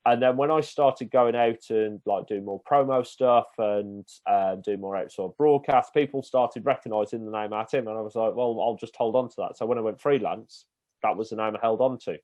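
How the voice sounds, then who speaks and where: A man's voice: on the low side, normal speed, darkish tone. A man from the Black Country with a Black Country accent, a podcast guest and event presenter who tells stories in casual chat and acts out other people's voices. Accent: Black Country English. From Black Country, England.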